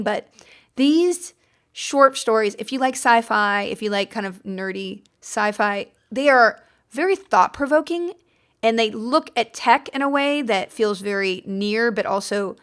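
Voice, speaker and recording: An American woman hosting a podcast, talking casually and enthusiastically, rambling a little with fillers and restarts as she goes. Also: medium pitch. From United States. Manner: chatty and enthusiastic, rambling with fillers and self-corrections. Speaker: podcast host. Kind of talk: casual book-recommendation chat.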